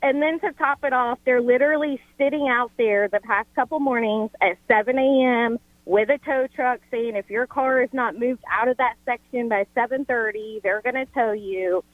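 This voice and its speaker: A woman calls in to a morning radio show over a tinny phone line, venting her grievance with plenty of "like" and little pauses. Her voice sits a touch high and sounds dry and close. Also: dry recording. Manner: exasperated, filler-heavy storytelling. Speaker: caller. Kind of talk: casual call-in chat.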